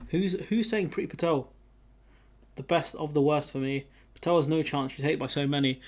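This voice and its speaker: A man's voice: a little high, normal speed. A man hosting a casual live stream, chatting with viewers and reading their comments aloud. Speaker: livestream host.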